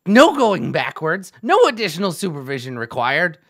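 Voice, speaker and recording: A man's voice: on the high side, huge pitch swings, moderate pace, gravelly, fairly bright tone, voice pushed up, full character voice. A man voicing bossy goblin supervisors who talk in clipped, broken grammar. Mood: insistent.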